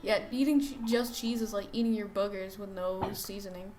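A young woman playing a tabletop game, teasing her friend with quick comebacks in casual chat. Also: medium pitch, fairly even intonation, music in the background, rough recording.

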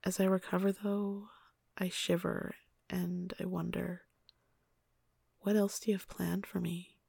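A young woman narrating an intimate first-person story in a soft, hushed voice that often slips into a whisper, then chatting casually with many fillers. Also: lowish voice, level tone, creaky, slightly rough, no echo, studio quality. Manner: chatty and halting with fillers when speaking off-script.

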